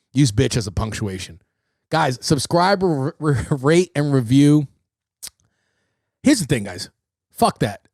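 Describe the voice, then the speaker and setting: A man's voice: on the high side, gravelly, no echo, studio quality. A young man hosting his own livestream podcast, talking casually and swearing freely as he tells stories. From New York City. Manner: animated storyteller, swearing freely. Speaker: podcast host.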